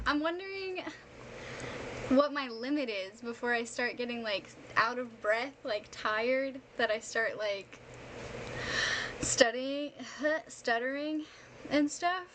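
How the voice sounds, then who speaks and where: A woman's voice: on the high side, slow, long pauses. A tired young woman streamer, rambling and laughing as she chats casually with her live viewers after reading a book aloud. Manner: rambling, chatty, laughs often, many fillers. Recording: clear background noise.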